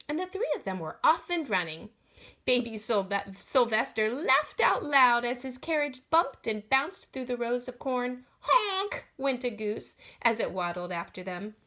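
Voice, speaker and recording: Expressive woman reading a picture book. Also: on the high side, unhurried. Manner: expressive, sound effects in voice. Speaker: storyteller. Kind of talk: storybook read-aloud.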